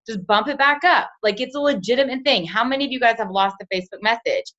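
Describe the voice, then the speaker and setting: A woman's voice: a little high, fast talker, fairly bright tone, muffled recording. A woman leading a coaching talk for her team, chatty, acting out sample conversations and checking in with "right?". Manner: chatty, acts out sample chats in quoted voices, often asks "right?". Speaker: team leader coaching a sales team.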